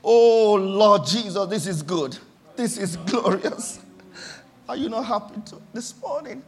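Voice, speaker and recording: Impassioned high-voiced preacher. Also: male voice, animated, measured pace. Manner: impassioned, swings from quiet to shouting. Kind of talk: sermon.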